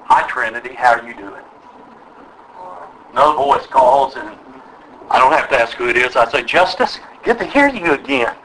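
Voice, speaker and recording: A man's voice: mid-range voice, expressive, moderate pace, long pauses, sharp tone, slight background noise, poor audio. An older man preaching a sermon, emphatic and drawing call-and-response from his listeners. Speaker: pastor.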